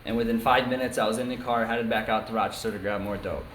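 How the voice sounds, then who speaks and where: A man's voice: lowish voice, fairly even intonation, fast, a bit bright, slight background noise. A young man from New York State telling his own story at a recovery meeting, speaking frankly and casually with many ums and you-knows. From New York State, USA. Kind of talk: candid personal testimony. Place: meeting room before a small group. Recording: echoey meeting room, faint ambience.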